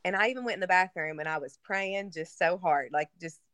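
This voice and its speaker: This interview guest, a woman living in Kentucky, has a voice on the low side that's a bit bright and fairly quick. Casual and earnest, she shares an emotional personal story packed with fillers.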